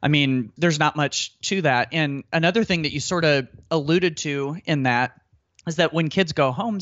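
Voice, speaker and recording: A man's voice: on the high side, a bit bright, no echo. Earnest man explaining teaching ideas. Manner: earnest, explanatory, repeats words when thinking. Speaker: guest author and educator. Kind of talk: conversational podcast interview. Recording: dry, slightly dull sound.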